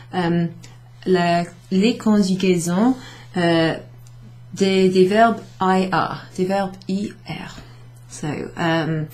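In a lowish, darkish voice, a woman from Wales who teaches French delivers a casual recorded summary lesson to beginners. She writes on a board, corrects herself, shifts between French and English, and laughs lightly.

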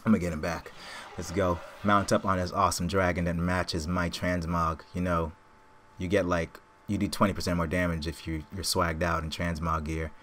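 A man hosting his own gaming channel, rambling through excited live commentary and trash-talking opponents as he plays. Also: low voice, normal speed, a little hiss or hum.

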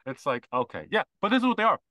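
Bright, ranting podcast guy. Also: sits high, very animated, fast talker, no room sound. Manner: ranting, mocking, mimics others. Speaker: podcast co-host. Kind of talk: casual opinionated chat.

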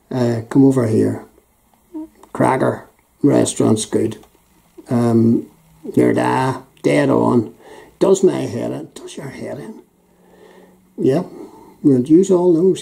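An older man with a Northern Irish Belfast accent, chatting casually as a YouTube host while reading out local phrases, chuckling often and filling pauses with ums and uhs. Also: medium pitch, creaky, dark tone, poor audio. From Northern Ireland.

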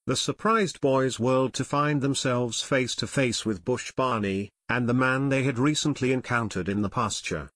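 A man narrating an adventure audiobook in a steady, measured way. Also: mid-range voice, dry recording, studio quality. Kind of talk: scripted narration.

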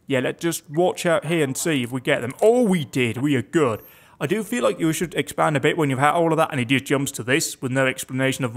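Young male gamer, casual wry commentary, voice sits a bit high. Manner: chatty, reads game text aloud with wry asides. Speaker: let's play gamer.

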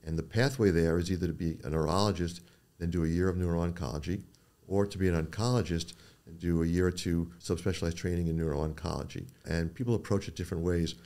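An older man with a very low, gravelly voice talks through his career as a guest on a podcast. He tells stories at an easy pace and slips into quick impressions of the people he quotes. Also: fairly even intonation, darkish tone. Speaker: neuro-oncologist guest. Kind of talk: podcast interview.

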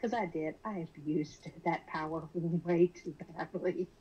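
A woman's voice: deep voice, measured pace, dark tone, slightly rough, dull audio. A woman guest on a casual stream, chatting in an easygoing, giggly way.

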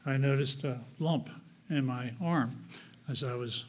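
A man's voice: medium pitch, unhurried. Man giving a reflective church testimony. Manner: conversational, reflective storytelling with frequent fillers. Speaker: guest speaker. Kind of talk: personal testimony sermon.

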